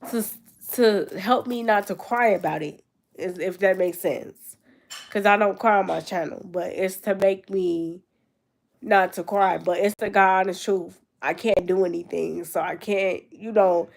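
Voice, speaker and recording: A young vlogger speaks to camera from her grandmother's room at home, loose, casual and reflective, with lots of fillers. Her mid-range voice is gravelly with a darkish tone.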